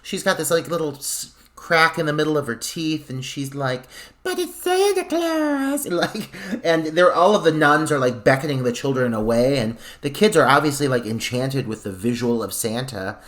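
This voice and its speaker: Animated, profane man co-hosting a horror podcast. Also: medium pitch, moderate pace, few pauses. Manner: animated, profane, drawn out for effect. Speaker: podcast co-host. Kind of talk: casual film discussion.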